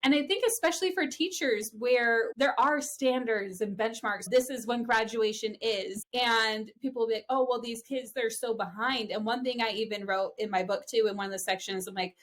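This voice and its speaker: A woman's voice: fairly high pitch, normal speed, hardly any pauses, fairly bright tone. A woman hosting a podcast, enthusiastic and affirming, asking long, rambling questions. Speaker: podcast host. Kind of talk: interview conversation.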